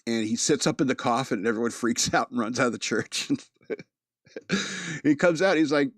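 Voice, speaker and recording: A male podcast host tells a story in a loose, rambling monologue, chuckling at his own telling. His voice sits at an ordinary middle pitch. The sound is dry and close on the mic, with no room echo. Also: normal speed, fairly bright tone.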